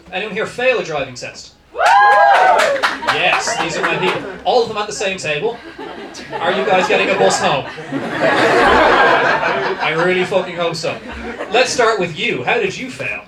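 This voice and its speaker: In a comedy club stand-up set, a young man from South County Dublin speaks with a posh South Dublin Irish accent, trading dry self-mockery with crowd work. His high-pitched voice swoops wildly, and he keeps a measured pace, pausing often. The far-off recording is echoey and noisy, with the audience laughing in the background.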